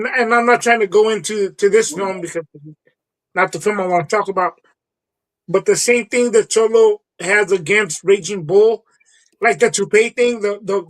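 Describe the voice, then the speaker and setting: Brief: high male voice, halting, laughs easily, casual film chat. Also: rough recording. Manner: stammers, restarts, laughs easily. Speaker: podcast co-host. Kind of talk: casual movie debate.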